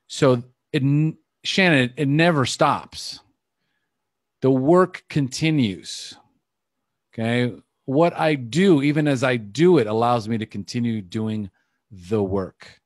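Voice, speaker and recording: A man's voice: medium pitch, takes it slowly, no echo, studio quality. A man coaching a group on a call, telling a candid, emotional personal story in a confessional way. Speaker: life coach.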